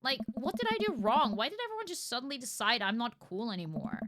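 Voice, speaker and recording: A woman's voice: a little high, very animated, fast, music in the background. A woman voicing a dejected teenage girl in a dating game, read close to her own voice. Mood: hurt. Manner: plain reading, near her own voice.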